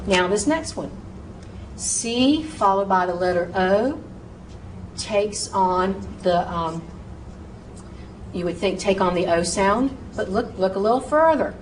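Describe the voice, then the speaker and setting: A woman's voice: mid-range voice, unhurried. A woman teaching medical terminology in a recorded lecture, patiently spelling out words letter by letter and repeating each pronunciation. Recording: echoey room, mic far off, steady noise.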